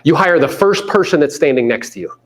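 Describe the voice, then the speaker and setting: A real estate coach runs a live motivational seminar for agents, speaking fast in a fairly high, animated voice. He quizzes the audience and imitates people in playful voices.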